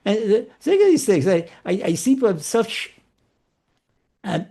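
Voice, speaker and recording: A rabbi telling stories in a lecture to a live audience, animated and often repeating and restarting his words. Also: high-pitched, moderate pace, gravelly, breathy edge. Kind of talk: storytelling Torah lecture.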